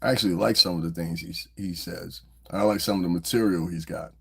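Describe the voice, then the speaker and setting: Man, podcast host, husky voice, casual profane rambling, laughing storyteller. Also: sits low, steady tone, fairly quick, darkish tone. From New Jersey. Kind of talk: casual commentary monologue.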